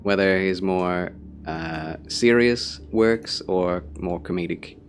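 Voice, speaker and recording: A man's voice: sits low, slow, gravelly, faint music behind. A man live-streaming a game, chatting casually and theatrically with his viewers.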